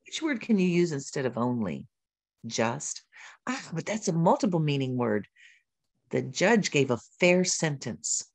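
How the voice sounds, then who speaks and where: Lively woman modeling a reading lesson. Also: deep voice. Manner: lively teacher voice, modeling lessons with questions and prompts. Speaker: literacy educator. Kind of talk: teaching demonstration for educators.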